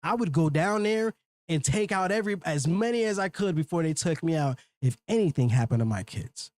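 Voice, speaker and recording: A man's voice: on the high side, expressive, fairly quick, darkish tone. A man hosting a live stream, ranting off the cuff with heavy swearing and rambling fillers. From Minnesota. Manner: heated, profane, rambling with filler words. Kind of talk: unscripted livestream rant.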